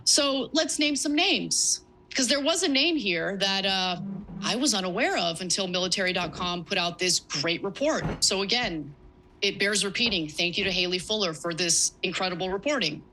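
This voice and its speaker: A woman's voice: mid-range voice, expressive, moderate pace, pushed and bright, a little hiss or hum, poor audio. Sarcastic woman news commentator. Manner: emphatic, sarcastic asides. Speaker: political commentator. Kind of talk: news commentary reading excerpts.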